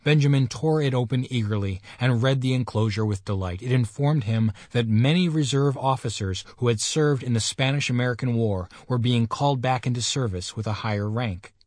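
Guy reading a story out loud, steady mid voice, dry close mic. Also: mid-range voice, no room sound. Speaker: audiobook narrator. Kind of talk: scripted narration.

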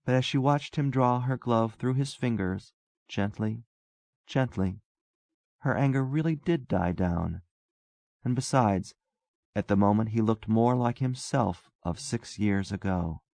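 Male narrator, gravelly, mid pitch, dry recording, measured storytelling. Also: a little mellow, no room sound. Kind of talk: scripted narration.

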